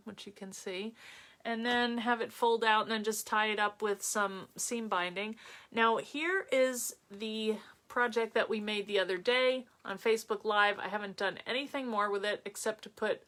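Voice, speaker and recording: A woman's voice: on the high side, a bit bright. A middle-aged woman with a New York accent hosts a casual live craft tutorial, chatting and greeting viewers by name as she works.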